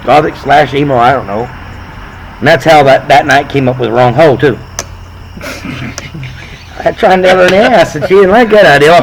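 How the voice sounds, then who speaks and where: A man's voice: fairly high pitch, animated, slight background noise, low-quality recording. A man telling crude stories in rowdy casual chat as a podcast co-host. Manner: crude, rowdy, quick storytelling.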